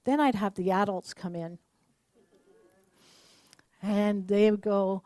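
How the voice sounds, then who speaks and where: Warm-voiced woman giving a casual sermon. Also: mid-range voice, a little slow, no echo. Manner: conversational and animated, acting out quoted voices. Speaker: minister.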